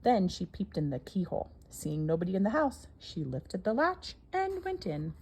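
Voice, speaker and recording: A woman reading a children's story aloud in an expressive, sing-song storybook manner. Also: medium pitch, normal speed, slight background noise.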